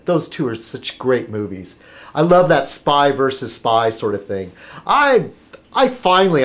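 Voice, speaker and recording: A man vlogging casually to his subscribers, rambling and halting, with many fillers and restarts as he sips a beer. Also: mid-range voice. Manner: chatty while sipping beer.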